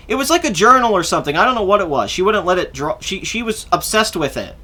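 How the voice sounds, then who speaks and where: Young man, high-pitched, bright tone, rambling casual storyteller, swears, podcast host. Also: sing-song, fast talker. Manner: rambling, swears freely, acts out quotes.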